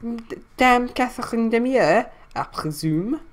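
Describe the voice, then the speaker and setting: A woman voicing a polite, confident male lawyer in a formal, brisk manner. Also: a little high, expressive, soft background music, pitched above the performer's own voice.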